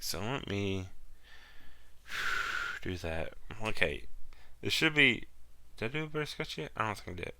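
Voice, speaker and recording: A man's voice: on the low side, creaky, sharp tone, no echo. A man hosting a solo podcast, rambling casually and swearing as he recaps a film. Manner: rambling, loose and profane, drops into mock quotes. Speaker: podcast host.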